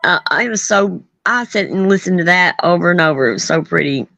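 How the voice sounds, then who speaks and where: Lower-voiced middle-aged woman, folksy and blunt. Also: lively intonation, fairly quick, vocal fry, sharp tone, dry recording. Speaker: host. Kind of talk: casual chat. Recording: dull lo-fi sound.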